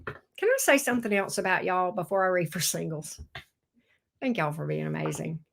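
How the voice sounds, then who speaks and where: A woman giving a casual tarot reading, chatty and excitable, swearing now and then when she gets thrilled. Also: fairly low pitch, moderate pace, creaky. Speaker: tarot reader.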